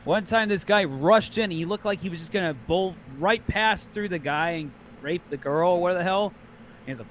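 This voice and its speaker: A man's voice: sits high, brisk, a bit bright, slight background noise. A man co-hosting a podcast, joking in casual chat. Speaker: podcast co-host.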